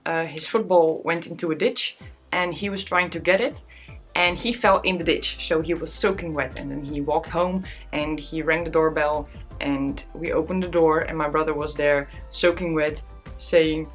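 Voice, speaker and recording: A woman's voice: low-pitched, steady tone, moderate pace, faint music behind. Tearful young woman vlogging candidly. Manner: candid, self-deprecating, often laughing. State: tearful, close to crying. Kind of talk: casual chat to camera.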